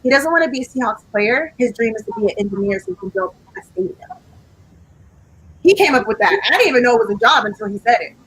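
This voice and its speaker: A woman, a small business owner, chatting as a guest in a relaxed, laid-back way. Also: fairly high pitch, quick pace, slightly rough, rough recording. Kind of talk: casual interview chat.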